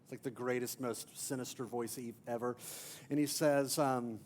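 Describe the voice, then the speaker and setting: A man pastor preaching a sermon as an emphatic storyteller, swinging from loud to near-hushed. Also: medium pitch, fairly even intonation, normal speed. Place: church.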